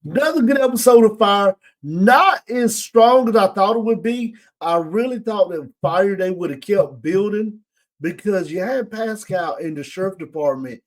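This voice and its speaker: Speaking at a normal rate in a high-pitched voice, a male podcaster runs through a TV episode in a laid-back way. His retelling is lively, and he voices the characters' lines himself.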